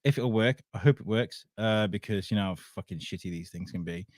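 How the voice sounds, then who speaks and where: A man's voice: on the low side, brisk, no room sound. A man hosts a loose, casual chat show. He rambles through his story, swears freely and laughs often. The sound is dry and close. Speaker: podcast host.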